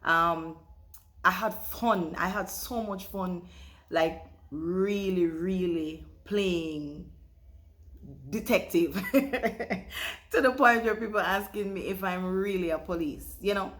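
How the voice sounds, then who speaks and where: A woman's voice: lowish voice, slow, a bit bright. A woman casually recalling her favorite acting moments, with lots of hesitant fillers and repeated words. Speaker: cast member interviewee. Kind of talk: casual recollection to camera.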